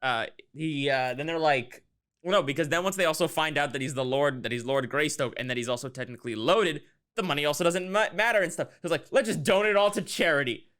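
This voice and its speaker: A man's voice: fairly high pitch, fast, a bit bright, smooth. A man co-hosting a casual movie review chat, rambling and joking, often mock-quoting characters. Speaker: podcast co-host.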